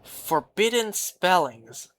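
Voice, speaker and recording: A streamer talks through a live gaming session in a relaxed, slow-paced way. The delivery rambles and keeps breaking into baffled, incredulous reactions to chat. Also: medium pitch. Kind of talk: casual live-stream chat while playing.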